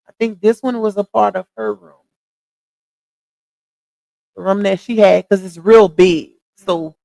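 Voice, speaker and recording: A woman's voice: medium pitch, creaky, a little mellow, no room sound. Chatty Louisiana woman streaming live. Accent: Louisiana Southern. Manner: chatty, laughs often, talks to chat. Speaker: livestream host. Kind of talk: casual livestream chat.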